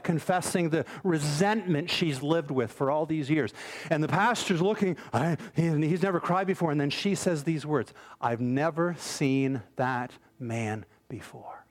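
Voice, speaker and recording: A man preaching a sermon, telling a story with an animated delivery that moves between urgent and hushed. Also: high-pitched.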